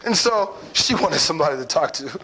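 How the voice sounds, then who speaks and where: A young man telling a personal story to an audience in a playful, animated way, acting out his own lines and often checking in with "right?". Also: on the high side, brisk, rough recording. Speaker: speaker telling a personal lesson.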